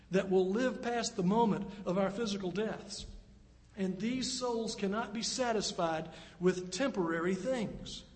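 A middle-aged male pastor preaching an earnest, conversational sermon in a church. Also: sits high. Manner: earnest, conversational preaching with dramatic acted quotes. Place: church sanctuary. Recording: long reverb of a church hall.

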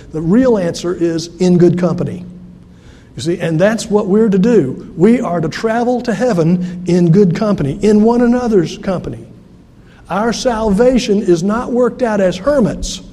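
A man's voice: high-pitched, normal speed, dark tone, big-room sound. A pastor from South Carolina, preaching an earnest, conversational sermon to his congregation in a church. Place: church sanctuary.

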